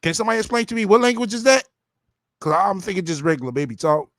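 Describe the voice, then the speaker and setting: Blunt, profane man with a lively voice. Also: high voice, fast talker, no echo, clean studio sound. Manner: blunt, profane, talks straight to viewers. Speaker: commentary streamer. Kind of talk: casual reaction commentary.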